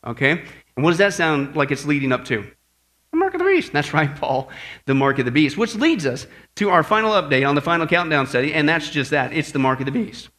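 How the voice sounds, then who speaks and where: Give me a male preacher with a bright, ringing voice, joking through a sermon in a church. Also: fairly high pitch. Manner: joking, lively storytelling preacher. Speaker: pastor.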